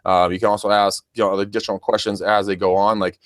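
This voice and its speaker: A man's voice: on the low side, level tone, fast talker, few pauses, no echo. A man coaching real estate agents in a casual podcast, chatty and full of restarts. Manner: chatty, stammering, addresses listeners as guys.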